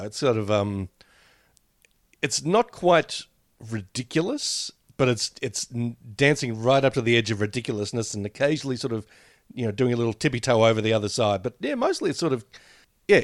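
A man co-hosting a podcast in casual chat, animated and jokey, acting out quotes as he talks. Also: medium pitch, normal speed, no room sound, studio quality. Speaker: podcast co-host.

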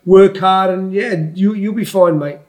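A man's voice: sits high, normal speed, a little mellow. An Australian man in his sixties, a former boxer, chatting bluntly in an interview and calling everyone "mate" as he rambles. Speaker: former boxer, guest pundit. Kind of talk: casual interview chat.

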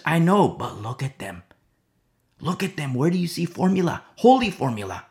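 Male preacher, gravelly, slightly high, casual Bible talk with hushed emphasis and mock dialogues. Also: big pitch swings, moderate pace. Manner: repetitive, drops to near-whispers for emphasis, acts out mock dialogues. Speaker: pastor. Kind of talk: conversational Bible teaching.

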